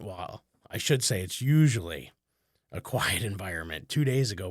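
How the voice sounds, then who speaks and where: A man's voice: sits low, a bit bright, no echo, clean studio sound. A male comedian and podcast host telling a story in casual chat, rambling and conversational with lots of "like" fillers, chuckling often and mocking himself a little.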